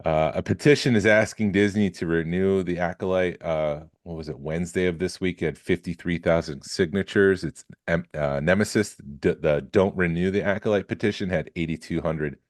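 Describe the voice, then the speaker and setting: A man co-hosting a podcast, running through news items in relaxed casual chat with jokes along the way. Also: low voice, moderate pace, few pauses, no echo, studio quality. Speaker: podcast co-host.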